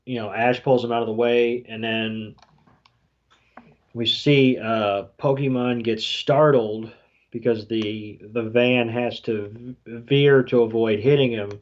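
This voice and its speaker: A man co-hosting a podcast, recapping a scene in a halting way with many fillers. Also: mid-range voice, fairly even intonation. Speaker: podcast co-host. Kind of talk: casual recap commentary. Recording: dull lo-fi podcast audio.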